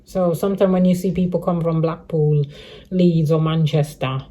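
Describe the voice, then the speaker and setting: A woman's voice: low voice, steady tone, moderate pace, mellow. A middle-aged woman vlogging a casual update to her viewers, rambling and repeating herself, with many restarts. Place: living rough on the streets.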